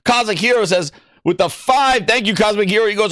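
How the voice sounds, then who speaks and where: A man hosting a gaming news livestream, ranting and joking with mock skits and shouting out viewers. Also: high voice, fairly quick, dry recording, clean studio sound. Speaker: livestream host.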